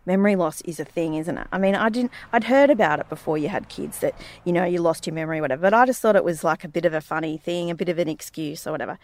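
Animated mum telling stories. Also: female voice, on the low side, fast, hardly any pauses. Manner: animated storyteller, acts out quotes. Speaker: podcast co-host. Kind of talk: casual chat.

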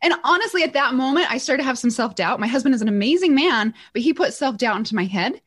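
A woman's voice: high voice, lively intonation, fast, fairly bright tone, husky. A middle-aged woman, a podcast guest, telling stories with lots of energy, laughing often and acting out quotes. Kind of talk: energetic interview storytelling.

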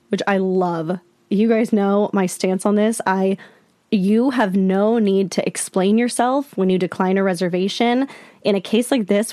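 A woman's voice: medium pitch, dark tone, no echo. A woman hosting a podcast, talking candidly and with exasperation straight to her listeners. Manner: candid, exasperated, addresses listeners as "you guys". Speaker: podcast host. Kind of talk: casual podcast commentary.

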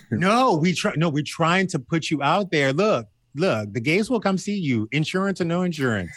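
A man co-hosting a casual chat, telling stories with lively, sassy energy and jumping into high voices to mimic friends. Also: normal speed, dry recording. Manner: animated storyteller, high mocking impressions of friends. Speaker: podcast co-host.

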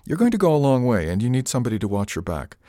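A man's voice: medium pitch, sing-song, very fast, warm tone, dry recording, clean studio sound, voice pushed up, natural voice. A man voicing an eager, loyal young woman crew member, earnest and determined, in an audiobook.

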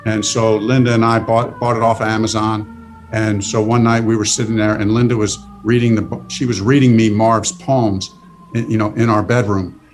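A man's voice: on the low side, little pitch movement, soft background music. A middle-aged man, a football coach guest, speaking earnestly with many restarts in a casual interview. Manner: earnest, halting, full of restarts.

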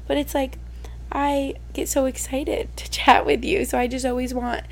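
A woman's voice: high-pitched, vocal fry, darkish tone, slight background noise. A young woman hosting her podcast in casual solo chat, rambling with lots of "like" and openly emotional. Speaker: podcast host.

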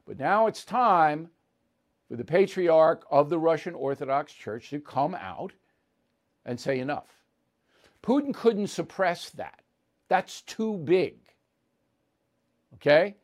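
A man's voice: a little high, very animated, slow pace, pauses often. Blunt, emphatic male show host. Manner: emphatic and blunt, punctuating points with "okay?" and "all right?". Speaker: political commentator hosting his own show. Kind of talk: opinion commentary monologue.

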